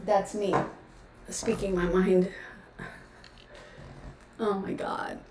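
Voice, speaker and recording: A woman at a middling pitch holds forth in a loose, exasperated livestream rant that is full of fillers. She sits some way from the mic, so her voice carries a roomy echo. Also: huge pitch swings, extremely slow, creaky, a little mellow, a little hiss or hum. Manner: outspoken, exasperated ranting with many fillers. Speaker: tarot reader hosting a livestream. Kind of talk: casual livestream chat. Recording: roomy sound from a distant mic.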